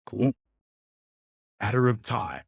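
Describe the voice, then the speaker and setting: A man's voice: on the low side, big pitch swings, slow pace, creaky, breathy edge, no room sound, studio quality. A man streaming a card game, giving casual commentary with wry, sarcastic asides.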